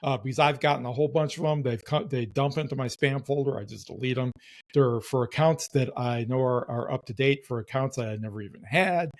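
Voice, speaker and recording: A man co-hosting a casual podcast, giving short replies and measured explanations. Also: mid-range voice. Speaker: podcast co-host.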